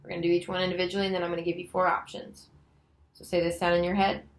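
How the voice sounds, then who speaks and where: A woman demonstrating a nonverbal reading lesson, slowly and patiently sounding out letters and words. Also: lowish voice, little pitch movement, low-quality recording. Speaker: special education student teacher.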